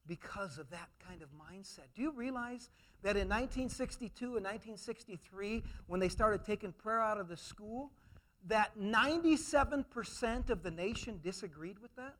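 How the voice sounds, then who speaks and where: A man preaching a sermon, emphatic, swinging between loud declarations and hushed asides, mimicking others in mocking quoted voices. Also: high voice.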